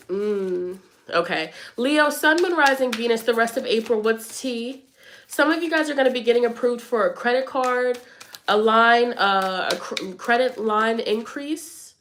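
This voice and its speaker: A woman's voice: fairly high pitch, a little slow, fairly bright tone, slight background noise. Slangy, chatty young woman tarot reader. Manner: chatty, slangy and playful, laughs often. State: congested. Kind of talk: casual tarot reading to viewers.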